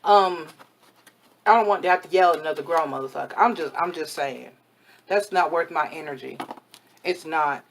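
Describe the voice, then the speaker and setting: A woman's voice: deep voice, normal speed, long pauses, slight background noise. Frank chatty woman reading tarot. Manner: frank, chatty, blunt and motherly advice. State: voice worn from overuse. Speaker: tarot reader and spiritual advisor. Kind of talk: casual tarot reading to camera.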